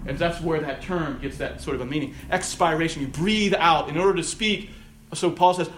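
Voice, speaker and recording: A man's voice: fairly high pitch, fairly quick, a bit bright. A middle-aged man teaching a Bible class in a conversational lecture style, with asides and emphatic readings of quotes.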